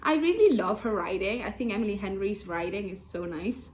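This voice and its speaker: A woman's voice: medium pitch, lively intonation, fairly quick. A young woman in her twenties chatting casually about books she is reading, bubbly and full of "like" fillers. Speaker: book vlogger. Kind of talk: casual chat.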